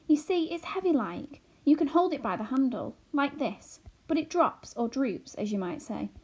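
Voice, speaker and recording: A woman's voice: high-pitched, sing-song, moderate pace, darkish tone, voice pushed up. Woman voicing a homely old borrower man. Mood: explaining. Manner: rambling, homely speech. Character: plain-spoken elderly male borrower, steady and homely.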